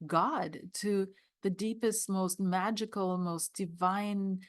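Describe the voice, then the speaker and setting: A woman's voice: mid-range voice, fairly even intonation, takes it slowly, dry recording, studio quality. A woman reviewing a tarot deck, reading scripture passages aloud and talking with emotional, tearful awe. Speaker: tarot reader.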